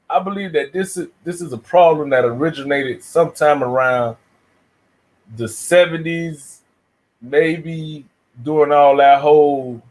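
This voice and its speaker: Man, from the southern US, panel guest, reflective, slangy, somewhat high voice. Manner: reflective, slangy, makes his points at length. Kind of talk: casual panel chat.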